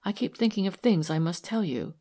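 Woman reading as a weary, soft-spoken wife. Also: mid-range voice, expressive, brisk. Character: tired, gentle wealthy wife, worried. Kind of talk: audiobook character reading.

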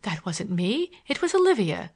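A woman reading a storybook, voicing an anxious young society girl who pleads in a hurried, soft way. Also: mid-range voice, big pitch swings, slightly rough. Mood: wistful. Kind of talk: audiobook character voice.

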